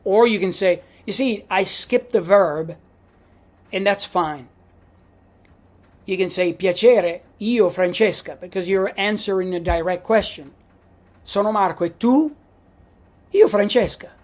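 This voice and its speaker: Slow, patient woman teaching a language. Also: fairly low pitch. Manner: patient, repeats examples slowly. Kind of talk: classroom lecture.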